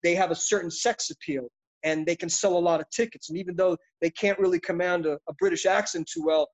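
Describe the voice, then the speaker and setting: In an interview conversation, a middle-aged actor talks passionately and intensely, reflecting and wandering off on tangents. He speaks fairly quickly in a high voice with a steady tone, captured on dull, lo-fi audio.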